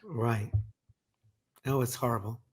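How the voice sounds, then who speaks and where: A man's voice: medium pitch, slow, breathy edge. A man co-hosting a podcast, making wry, exasperated asides. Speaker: podcast co-host. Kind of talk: casual chat.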